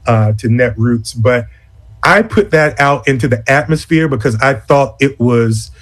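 A man of medium pitch speaks as a conference executive director in an interview. He talks deliberately and earnestly, often stopping to restart a phrase. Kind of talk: interview conversation.

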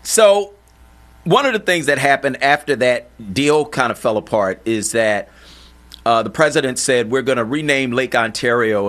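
A man's voice: mid-range voice, lively intonation, normal speed, fairly bright tone. Friendly male interview host. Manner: friendly, amused, short backchannel replies. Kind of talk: radio interview questions.

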